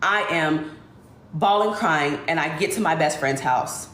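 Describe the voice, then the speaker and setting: A woman livestreamer telling an emotional personal story in an animated, rushing way. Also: low-pitched, roomy sound, slight background noise. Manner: animated, speeds through dramatic retelling. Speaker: influencer livestreamer.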